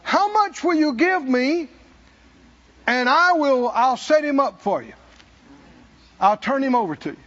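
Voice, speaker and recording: A man's voice: very high voice, expressive, a little slow, long pauses, a bit bright, dull audio, voice pushed up, heavily acted. A man voicing an indignant, greedy male disciple who complains about waste and money. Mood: scheming.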